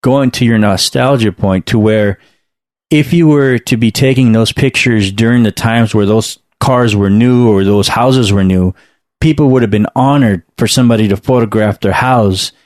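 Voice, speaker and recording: A man's voice: lowish voice, moderate pace, no room sound. An American man hosting a casual interview and asking loose, rambling questions. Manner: relaxed, rambling questions with restarts. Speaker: podcast host, interviewer.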